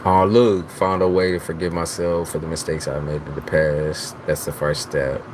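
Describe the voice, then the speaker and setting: A man's voice: extremely low pitch, level tone, normal speed, background noise. A man hosting a live tarot stream, chatting casually with viewers in a teasing, profane way. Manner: teasing, profane, talks straight to chat. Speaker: tarot reader host.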